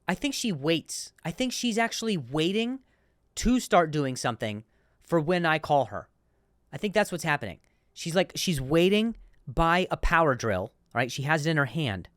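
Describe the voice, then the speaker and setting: A man's voice: a little high, no echo, clean studio sound. Stuttering man riffing a comedy monologue. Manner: stammers and repeats words, animated rants. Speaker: comedy podcast host.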